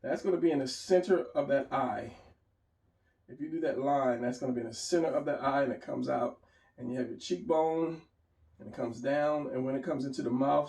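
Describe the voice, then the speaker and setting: A man with a gravelly, dark, mid-range voice gives a casual drawing lesson, rambling and restarting as he draws and talks it through. He's hiccuping throughout. The recording sounds roomy, with the mic placed at a distance.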